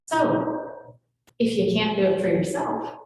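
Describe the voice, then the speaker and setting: A woman minister delivers an unhurried sermon in a big, echoing hall where her words trail off into a long reverb and faint noise hangs underneath. She keeps it chatty and playful, laughing easily and addressing the congregation directly, at an everyday pitch. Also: animated, darkish tone. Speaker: senior minister. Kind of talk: conversational sermon. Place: large hall of a spiritual center.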